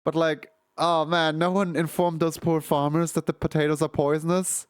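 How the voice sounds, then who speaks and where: A man's voice: a little high, little pitch movement, normal speed, clear, resonant tone, dry recording. Rambling man chatting on stream, dry sound. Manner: chatty, lots of fillers and restarts, laughs at his own story. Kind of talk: casual rambling stream chat.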